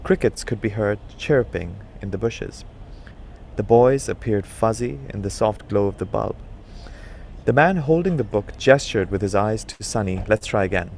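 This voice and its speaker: Low-voiced man reading a story. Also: animated, moderate pace, creaky, a little mellow, a little hiss or hum. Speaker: narrator.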